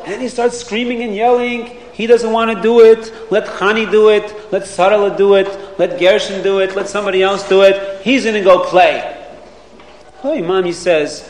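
Man, children's storyteller, animated, sing-song, high voice, echoey room. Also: normal speed, a little hiss or hum. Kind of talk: telling a moral story to children.

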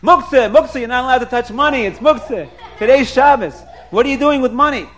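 A man voicing a stubborn older rabbi who yells and scolds indignantly about the rules. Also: very high-pitched, animated, slight background noise, voice pushed up. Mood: outraged. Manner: indignant yelling, rapid scolding.

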